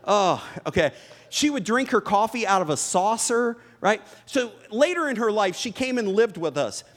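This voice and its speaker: Animated preacher man, high lively voice. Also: moderate pace. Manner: animated, jokes with the congregation. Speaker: pastor. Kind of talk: sermon with humorous stories. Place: church before a live audience.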